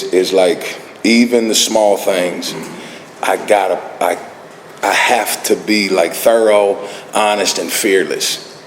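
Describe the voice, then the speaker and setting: Low-voiced man telling stories in a hall. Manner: laid-back storyteller, frequent laughter. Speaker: recovery meeting speaker. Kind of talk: personal recovery talk. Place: meeting hall. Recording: echoey hall, faint ambient noise.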